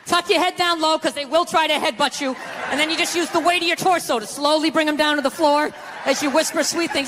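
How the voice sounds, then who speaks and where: A male comedian tells a story on stage in a high, strained voice, brash and foul-mouthed. He works a handheld mic in a live club, with the crowd and room noise loud around him. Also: steady tone, brisk. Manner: brash, profane and blunt. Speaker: stand-up comedian. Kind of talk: stand-up storytelling.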